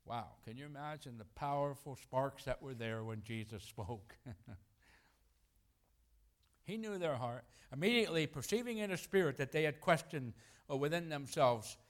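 A middle-aged man delivers a sermon in a conversational, lively manner. He slips into acted-out voices for quotes and chuckles between points, and his pitch sits in an ordinary middle range for a man. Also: normal speed. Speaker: preacher.

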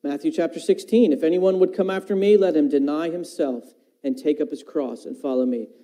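Male preacher, sermon delivery, high voice, scripture quotes, questions to the listeners. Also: brisk, warm tone, rough recording. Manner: talks about teaching his own children.

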